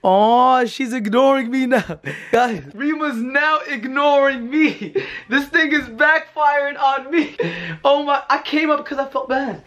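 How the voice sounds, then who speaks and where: A man's voice: extremely high pitch, steady tone, measured pace, few pauses, fairly bright tone. A young man in his twenties, playfully teasing kids while filming a casual prank vlog. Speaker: vlogger.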